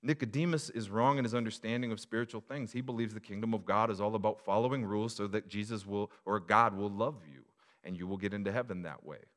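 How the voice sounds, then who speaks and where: A male pastor preaching a sermon to his church, moving from quiet reflection to loud, emphatic appeals. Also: on the low side, fast.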